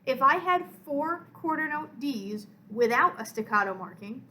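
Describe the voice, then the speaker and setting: A woman orchestra teacher explaining music step by step in a clear, encouraging way for a recorded lesson. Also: sits high, lively intonation, unhurried, pushed and bright, a little hiss or hum, poor audio.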